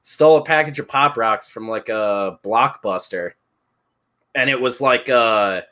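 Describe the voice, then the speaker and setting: A man in his thirties talking in a loose, rambling way, swearing freely and laughing through his own stories. His voice sounds bright and forward. It has the easy feel of a casual podcast chat. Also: mid-range voice, unhurried. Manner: rambling, profane, laughs while telling stories. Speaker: podcast co-host.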